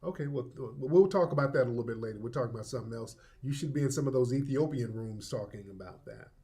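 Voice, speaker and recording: A man's voice: mid-range voice, fast talker, mellow. Combative male call-in host. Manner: combative, repetitive, talks over callers. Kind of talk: live call-in audio room.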